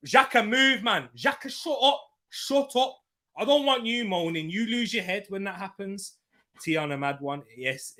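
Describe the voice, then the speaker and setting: A young man hosting a live football watchalong, commenting on play, reading viewer comments and shouting at referee calls. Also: sits high, unhurried. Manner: shouts at referee decisions, then chats calmly with viewers.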